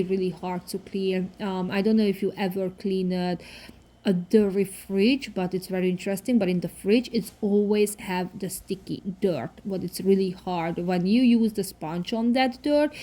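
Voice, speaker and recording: Thirties lady w a foreign accent, chatty voice-over for her cleaning vlog, lots of ums, halting phrasing. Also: medium pitch, warm tone. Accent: foreign accent in English. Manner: halting, non-native phrasing with many "um" fillers. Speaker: cleaning vlogger. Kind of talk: casual voice-over narration.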